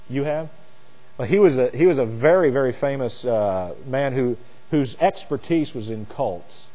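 A man teaching a sermon verse by verse, booming on key phrases and dropping low for asides and stories. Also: normal speed. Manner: swings from loud emphatic preaching to quiet asides; explains Greek words, tells anecdotes. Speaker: preacher. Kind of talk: expository Bible teaching. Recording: long hall reverb.

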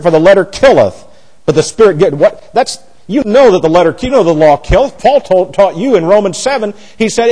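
A man preaching an expository Bible sermon, emphatic, with rhetorical questions and repeated words. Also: low-quality recording. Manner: animated pitch jumps for emphasis. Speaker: pastor.

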